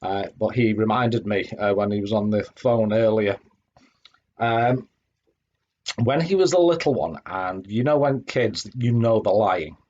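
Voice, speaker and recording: A man's voice: lowish voice, unhurried, darkish tone, dull audio. A middle-aged man hosting a live stream, chatting effusively with lots of fillers and restarts on a home streaming mic. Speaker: streamer host. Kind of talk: casual live-stream chat. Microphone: home streaming microphone.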